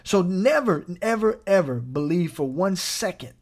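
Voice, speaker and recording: A man pastor preaching a sermon in a lively, playful way, breaking into chuckles and quick asides. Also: high-pitched.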